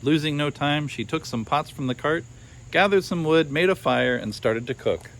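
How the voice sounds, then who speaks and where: A man's voice: fairly high pitch, moderate pace, fairly bright tone. A man reading a children's story aloud, adding wry asides of his own.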